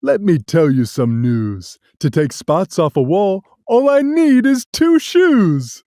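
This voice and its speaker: Cocky chuckling cat in a hat done by a storyteller, low and bouncy, slow and dry, storybook style. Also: big pitch swings, warm tone, no room sound. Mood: mischievous. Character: mischievous grown tomcat in a hat, boastful. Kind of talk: storybook read-aloud.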